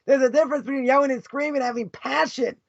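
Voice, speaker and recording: A passionate man lecturing as a rabbi, with a very high voice that swings between sarcasm and near-shouting. The sound is dull and muffled, recorded dry and close with no room around him. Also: creaky, no room sound. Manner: loud, passionate, sarcastic, quick mock voices for others. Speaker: rabbi teaching a lesson. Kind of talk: fiery lesson.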